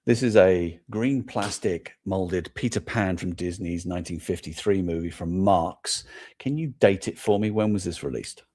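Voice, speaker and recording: Brief: middle-aged English male host, low voice, casual rambling live chat, self-amused. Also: normal speed, darkish tone. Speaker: toy podcast host.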